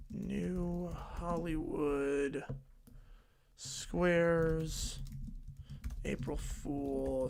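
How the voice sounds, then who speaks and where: A young man hosting a football reaction livestream from his home desk, reading viewer messages aloud in an excited, rambling way. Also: on the high side, vocal fry, a little hiss or hum. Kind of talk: live stream chat reading donations. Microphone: desk mic with headphones.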